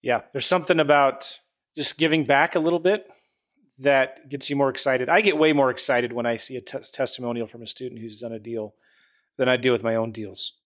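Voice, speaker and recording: A man's voice: mid-range voice, steady tone, fairly quick, fairly bright tone. A man hosting a casual chat, easygoing and affirming as he shares his own stories.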